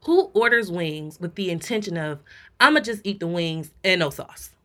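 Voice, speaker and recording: A young woman co-hosting a podcast, ranting in blunt, profane, animated storytelling during casual chat. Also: on the low side, normal speed. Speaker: podcast co-host.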